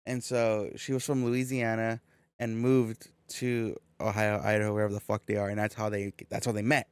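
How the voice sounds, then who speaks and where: A man's voice: on the low side, normal speed, smooth, no room sound. Casual swearing man telling a story. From California. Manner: swearing, animated storytelling with quoted back-and-forth. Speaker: podcast co-host.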